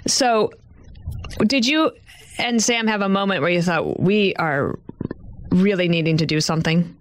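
A woman's voice: on the low side, expressive, measured pace, no echo. A woman hosting a podcast, casually interviewing guests and speaking candidly. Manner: candid, admits financial anxiety. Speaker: podcast host.

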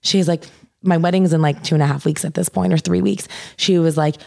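A woman's voice: fairly low pitch, fairly even intonation, brisk, gravelly, mellow. A young woman telling a personal story in casual chat, saying "like" constantly and swearing freely.

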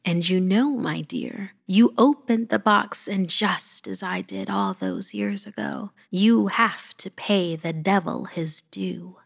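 A woman voicing a frail elderly grandmother who speaks softly, solemnly and firmly. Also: fairly low pitch, sing-song, slow pace, creaky, few pauses, exaggerated voice. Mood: solemn tender. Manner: soft, solemn, firm. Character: frail elderly grandmother, stern yet loving.

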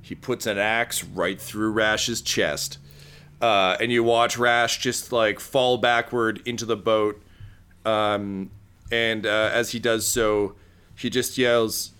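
Slow, halting man running a game. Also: lowish voice, fairly even intonation, fairly bright tone, clear, resonant tone. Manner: halting, full of ums and uhs. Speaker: game master. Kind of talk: narrating a tabletop game.

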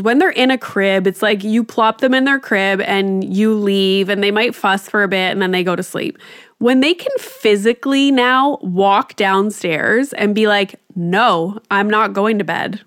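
A woman's voice: mid-range voice, a little slow, clear, resonant tone, no room sound, clean studio sound. A woman in her thirties hosting a podcast, telling a casual story with frank swearing and lots of "like". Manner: candid, swears freely, lots of "like". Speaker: podcast host.

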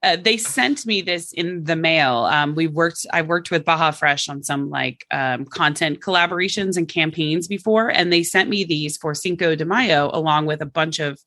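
A woman from Oklahoma, a comedian guest, chatting casually in a lively, laughing way. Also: deep voice, normal speed, few pauses, no room sound, clean studio sound. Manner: animated, laughing storyteller. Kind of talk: casual chat.

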